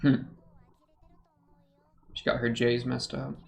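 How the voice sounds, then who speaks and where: A man's voice: medium pitch, level tone, slow, vocal fry, slight background noise. A young man hosting an anime reaction video, talking casually and joking in muttered asides as he watches.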